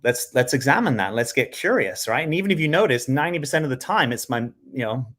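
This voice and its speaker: A man's voice: fairly low pitch, a bit bright. A man speaking as a self-development coach in a reflective solo talk to camera, often checking in with "right?".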